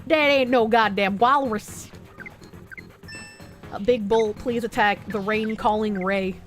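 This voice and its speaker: A woman's voice: fairly high pitch, slow, faint music behind. A young woman streaming a game, chatting casually and swearing as she jokes with her chat. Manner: animated, swearing, joking with chat, frequent laughs.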